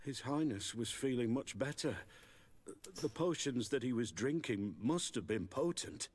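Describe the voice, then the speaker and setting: A man's voice: mid-range voice, animated, a little slow, a little mellow, natural voice. A man voicing a nervous, defensive soldier in a video game, flustered and apologetic. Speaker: game character.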